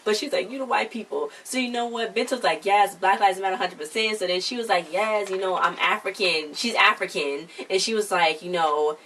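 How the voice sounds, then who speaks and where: A woman's voice: medium pitch, fairly quick, hardly any pauses, a bit bright, distant mic, slight background noise. A woman co-hosting a casual recap of a reality TV episode, retelling scenes by quoting the cast. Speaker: co-host of a reality show recap channel.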